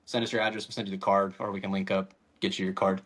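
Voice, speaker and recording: A man's voice: low-pitched, level tone, quick pace. A man hosting a podcast in casual chat, loose and laughing, with casual swearing. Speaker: podcast host.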